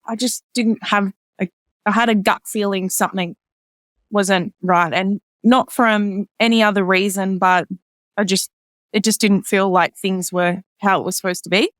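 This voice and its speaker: A woman's voice: steady tone, normal speed, dry recording, clean studio sound. A woman guest in casual conversation, telling a personal story with many "like" fillers and quoting others in a lifted voice. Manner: acts out others' lines in a higher voice. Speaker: podcast guest.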